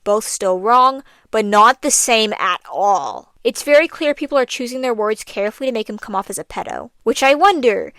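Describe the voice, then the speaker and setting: A woman's voice: fairly high pitch, expressive, moderate pace, hardly any pauses, a bit bright, no echo. A young woman doing a scripted commentary voice-over, blunt and exasperated, with sarcastic asides. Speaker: commentary youtuber.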